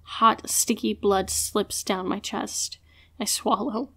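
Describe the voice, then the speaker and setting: A woman narrating a first-person fantasy audiobook in an expressive way. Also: mid-range voice, slow, slightly rough.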